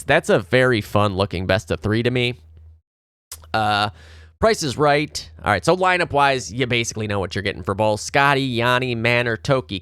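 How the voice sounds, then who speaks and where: A man's voice: fairly low pitch, fairly bright tone, clean tone, no room sound, clean studio sound. A young man hosting a podcast, casually breaking down esports playoff matchups with loose, rambling talk and casual swearing.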